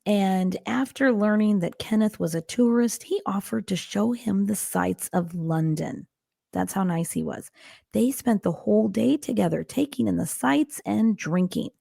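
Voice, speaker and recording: A woman co-hosting a true-crime podcast, telling the case with wry dark humor. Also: medium pitch, a little slow, creaky, slightly rough, no room sound, clean studio sound. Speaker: podcast co-host and storyteller. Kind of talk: casual true-crime storytelling.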